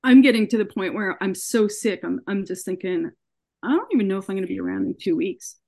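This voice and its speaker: A woman's voice: medium pitch, lively intonation, a little fast, gravelly, mellow. Earnest woman telling her story. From Canada. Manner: earnest, recounts events by acting out quoted dialogue. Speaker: podcast guest. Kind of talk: personal story told in an interview.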